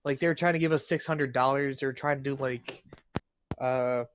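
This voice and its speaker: A man hosting a comedy podcast, swearing freely in crude, lively banter. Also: medium pitch, moderate pace, dull audio, a little hiss or hum. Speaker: podcast host. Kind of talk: casual comedic chat.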